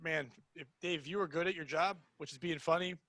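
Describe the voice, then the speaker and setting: A man co-hosting a comedy podcast, ranting loudly and crudely, swearing often. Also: fairly high pitch, brisk, no room sound. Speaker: podcast co-host. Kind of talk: casual comedic podcast banter.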